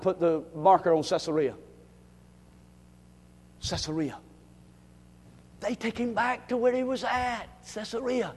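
A preacher with a high, lively voice that swings widely in pitch, calling on the congregation to answer him. His shouts ring out into the long reverb of a big hall. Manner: call-and-response, bursts into shouting. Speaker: preacher teaching Bible study. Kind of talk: animated sermon.

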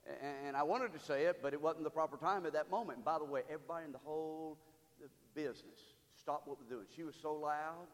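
A pastor preaching a sermon in a church, building from storytelling to loud call-and-response exhortation. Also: male voice, on the high side, fast, big-room sound. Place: church sanctuary.

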